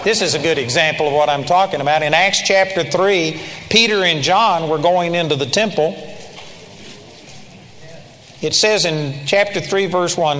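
High-pitched guy preaching hard, mocks whiny prayers, big reverb in the hall. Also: moderate pace, pauses often, fairly bright tone. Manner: emphatic, mimics timid prayers in a whiny voice. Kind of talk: sermon.

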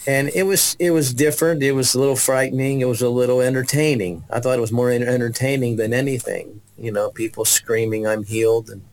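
A man's voice: mid-range voice, fairly quick, hardly any pauses, rough recording. A man giving a personal testimony as a guest, telling his story with restarts and acted-out voices. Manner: animated storyteller, acts out voices, many restarts.

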